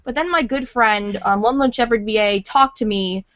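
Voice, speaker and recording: A woman voice actor chatting on a podcast, excitable and rambling, repeating words for emphasis. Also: a little high, normal speed, no echo, dull audio. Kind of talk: casual podcast chat.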